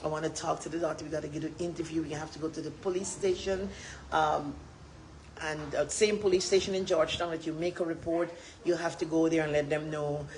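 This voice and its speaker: A woman with a Guyanese accent, speaking passionately as a political campaigner on a livestream, often rising into loud, emphatic shouts. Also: sits low, fairly even intonation, brisk, a little hiss or hum, rough recording.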